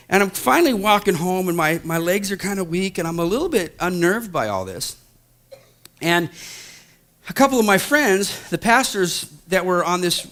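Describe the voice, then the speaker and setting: A man in his thirties, a pastor, telling a story in a sermon, swinging from hushed to loud. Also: high voice.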